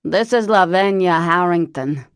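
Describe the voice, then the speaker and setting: A woman narrating an audiobook, voicing a blunt chain-smoking older woman with a harsh smoker's rasp and a strong accent. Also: fairly low pitch, unhurried, no echo, studio quality, natural voice. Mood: gruff. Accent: strong local accent.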